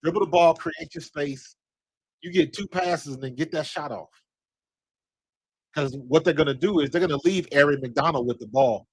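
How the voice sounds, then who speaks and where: An excitable man calls a basketball game live as a fan, shouting advice and complaints at the players on screen. His voice sits a little high and sounds husky, and the sound is dry and close with no room echo. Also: normal speed. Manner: excitable, talks to players on screen, coaching and scolding. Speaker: fan commentator. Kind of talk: live watch-along commentary.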